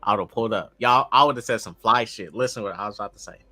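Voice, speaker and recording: Bright-voiced teasing man. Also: lowish voice, quick pace. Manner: teasing, joking banter. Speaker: co-host. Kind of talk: casual chat.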